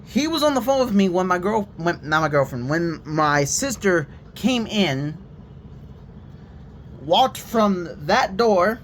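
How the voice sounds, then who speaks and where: A young man telling a story to his viewers in a casual, expressive rant. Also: sits high, takes it slowly, a little hiss or hum. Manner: animated and expressive, drops to a quiet shaky voice when reenacting himself. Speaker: vlogger.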